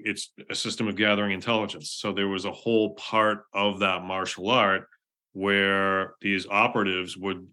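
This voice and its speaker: Bright-voiced man telling stories as a guest. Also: low-pitched. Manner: earnest, frequent restarts, laughs often; reflective storytelling. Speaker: interview guest, actor. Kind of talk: casual conversational interview.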